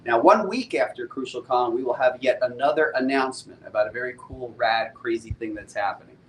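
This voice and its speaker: A middle-aged man talks casually with his viewers on a live stream, upbeat and full of laid-back slang. His voice sits in an ordinary mid range. A faint rumble hums underneath. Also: fairly quick, rough recording. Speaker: comic book publisher hosting a live stream.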